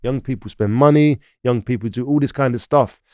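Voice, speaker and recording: A man's voice: mid-range voice, a little fast, a little mellow, no room sound, muffled recording. A man from London with a London accent, a podcast guest telling rambling stories full of "like" and "yeah?". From London, England. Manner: rambling, frequent "like" and "yeah?" tag questions. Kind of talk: casual storytelling interview.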